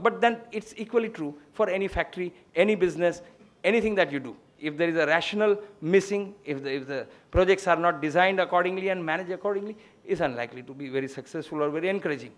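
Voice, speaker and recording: A man speaking, giving a lecture as a guest speaker and closing it with a story. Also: sits high. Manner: discursive, storytelling.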